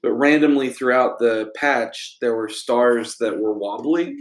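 A man co-hosting a podcast, casually chatting through a TV episode in a relaxed, rambling way with frequent ums. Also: mid-range voice, unhurried. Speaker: podcast co-host. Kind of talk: casual chat reviewing a TV episode. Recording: echoey room.

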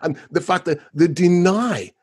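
A man's voice: high-pitched, animated, measured pace, darkish tone, husky. A man, an artist co-hosting a podcast, talking earnestly and emphatically. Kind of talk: podcast discussion.

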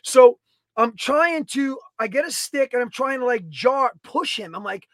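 A man co-hosting a podcast, telling a story in a casual, animated way, swearing and acting out his own quotes. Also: very high voice, measured pace, no room sound. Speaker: podcast co-host. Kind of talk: casual chat.

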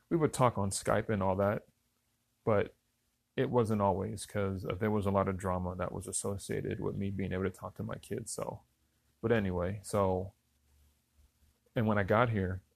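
A middle-aged man casually telling a personal story in a relaxed, conversational way, talking straight to his listeners. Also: lowish voice, vocal fry, no room sound. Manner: relaxed, conversational, addresses listeners as y'all and fellas.

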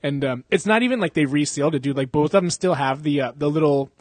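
A quick-talking young podcast host with a higher-pitched voice chats casually, rambling, cursing and laughing often. The recording is dry.

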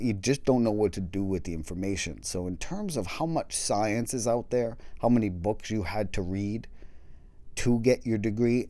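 Low-voiced rambling man, dry close sound. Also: mellow, dry recording. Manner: rambling, self-deprecating, swears casually, acts out quotes. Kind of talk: casual chat.

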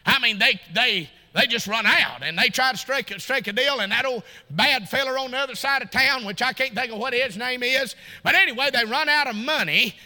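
A man's voice: extremely high pitch, a little fast, hardly any pauses, pushed and bright. A man preaching a sermon in a fervent, folksy way, with asides to the congregation. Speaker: pastor.

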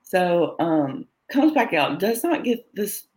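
A woman's voice: fairly low pitch, big pitch swings, takes it slowly, darkish tone. Woman, interview guest, personal storytelling, acts out quoted lines. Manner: tells events in present tense, acting out quoted lines.

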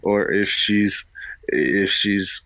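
Podcast co-host, thirties man from Florida, low bright voice, dry sound, rambles through family stories. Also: drawn-out words, dry recording. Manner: rambling anecdotes with many fillers and restarts. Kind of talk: casual storytelling chat.

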